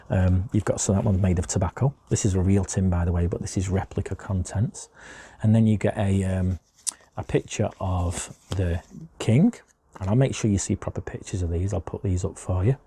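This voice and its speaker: A man's voice: sits low, dark tone, slightly rough. A man teaching a chatty history lesson to children, often asking them questions as he shows objects.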